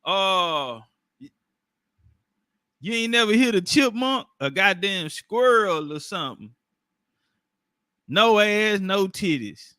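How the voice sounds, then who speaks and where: A man's voice: sits high, expressive, slow, pauses often, bright, forceful tone, clean tone, no echo, studio quality. A man in casual, profane commentary, talking loosely with street slang and frequent laughs into his own microphone.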